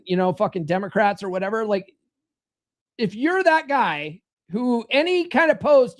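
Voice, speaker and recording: A man's voice: high voice, darkish tone. A man hosting a podcast, giving a blunt, profane, lecturing self-help monologue on a live stream. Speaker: podcast host.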